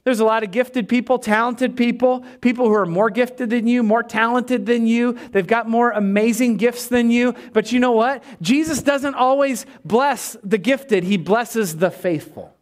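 A man preaching an energetic sermon in a church, asking the congregation for responses as he goes. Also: very high-pitched, moderate pace, few pauses. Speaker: pastor.

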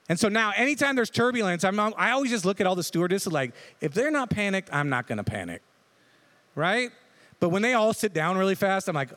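A man's voice: high voice, sing-song, a little fast, a bit bright. A man preaching a casual, joking sermon, often asking his listeners "right?" as he goes. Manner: conversational, jokey, asks the crowd "right?". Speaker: pastor.

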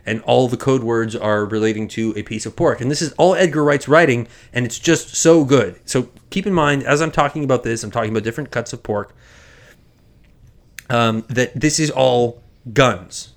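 Brief: male podcast host, mid-pitched voice, rambling chatty film recap with asides. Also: moderate pace. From Quebec. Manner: chatty, self-correcting, with many restarts and asides. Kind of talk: casual chat recapping a film.

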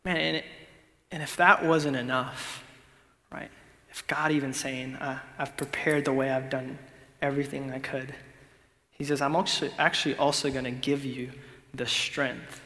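A young man preaching a sermon in a laid-back, conversational way, sometimes dropping to a hush for emphasis. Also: medium pitch, little pitch movement, moderate pace. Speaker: pastor. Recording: long hall reverb.

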